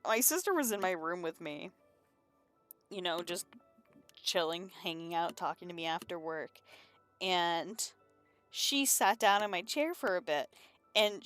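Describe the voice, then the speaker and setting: A woman's voice: fairly low pitch, animated, unhurried, pauses often, a bit bright, dry recording, soft background music. A woman streaming from her room at home, chatting casually and rambling while she works on comics, laughing often and swearing now and then. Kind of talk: casual chat while drawing.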